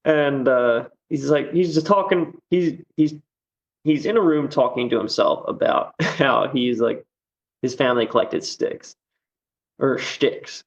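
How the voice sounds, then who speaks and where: A man's voice: mid-range voice, unhurried, gravelly, muffled recording. A man chatting as a podcast guest, rambling with lots of fillers and easy laughs. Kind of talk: casual podcast chat.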